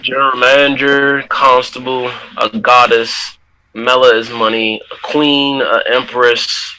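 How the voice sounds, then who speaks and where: A man on a casual wrestling podcast, cracking dry jokes in a deadpan way. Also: medium pitch, unhurried, rough recording.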